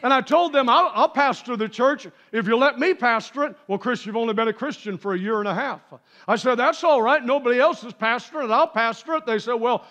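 A man preaching a sermon in a church, telling a story, dropping to quiet asides and rising to shouted peaks. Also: extremely high pitch, a little fast. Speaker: pastor. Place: church sanctuary.

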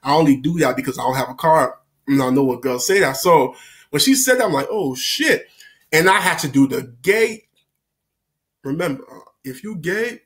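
A man's voice: a little high, a little fast. A man telling a story to camera in a casual, rambling way, repeating himself, using lots of slang and laughing often. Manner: slangy and animated.

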